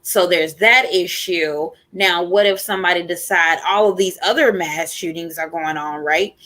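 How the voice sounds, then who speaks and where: Woman, casual livestream host, lower voice, tired and frustrated, rambling. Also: moderate pace, pushed and bright.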